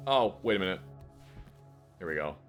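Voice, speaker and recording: A man's voice: sits low, lively intonation, moderate pace, faint music behind. Chatty man muttering over gameplay. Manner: chatty, mutters to himself, hums choo-choo noises. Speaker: streamer playing a horror game. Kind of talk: casual live gameplay commentary.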